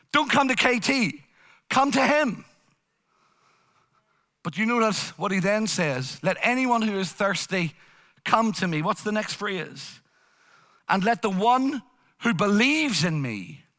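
A sharp, high-pitched male voice delivers an impassioned sermon, its repetitive preaching cadence building as phrases recur.

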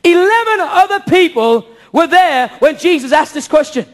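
Very high-pitched man preaching a sermon. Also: lively intonation, moderate pace. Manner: impassioned, rhetorical questions, bursts of shouting. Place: church service before a congregation.

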